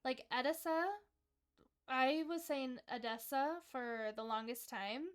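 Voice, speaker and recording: A woman's voice: high voice, takes it slowly, smooth, soft background music. Chatty, upbeat woman hosting a trivia stream. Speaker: livestream trivia host. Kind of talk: casual livestream chat.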